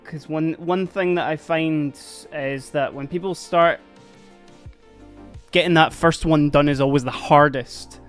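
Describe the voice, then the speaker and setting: A Scottish man hosting a casual livestream, chatty and upbeat, thanking viewers as he reads the chat. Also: on the high side. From Scotland. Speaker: livestream host.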